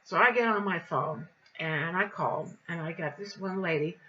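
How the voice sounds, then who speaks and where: An older woman telling a story in a casual vlog, animated and indignant as she recounts events. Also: fairly low pitch, moderate pace, lo-fi sound, slight background noise. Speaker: vlogger.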